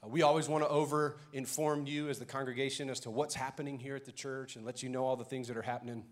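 A man's voice: mid-range voice, flat delivery, fast. Cajun male pastor, upbeat announcements voice, rallying the room. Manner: loud, rallying the congregation. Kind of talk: energetic church announcements.

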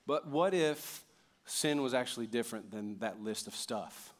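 A man's voice: mid-range voice, expressive, unhurried. A pastor preaching a conversational sermon, asking the congregation questions and often repeating words as he goes. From United States.

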